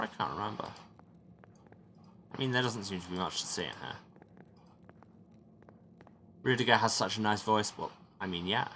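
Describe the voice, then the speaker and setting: A man's voice: on the low side, animated, moderate pace, vocal fry, long pauses, bright, forceful tone, slight background noise. A man giving chatty, joking commentary while playing a video game. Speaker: let's play host.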